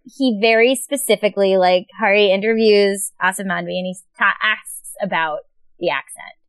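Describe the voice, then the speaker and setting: A woman who writes young adult books, a guest on a podcast, talking in an animated and expressive way. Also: mid-range voice, moderate pace, smooth, no room sound. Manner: animated and expressive, laughing often. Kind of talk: casual chat.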